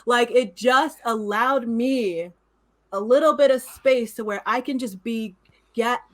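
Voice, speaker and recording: A woman co-host talks through her thoughts in an earnest, reflective way, her voice pitched a touch high. She laughs lightly between points in this casual podcast chat. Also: measured pace.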